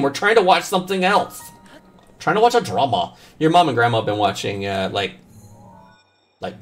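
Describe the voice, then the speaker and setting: A man streaming a video game, chatting casually and telling joking, profane stories while he plays. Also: medium pitch. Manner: joking, profane, animated storytelling. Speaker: gaming streamer. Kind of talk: casual gameplay commentary. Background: faint game music.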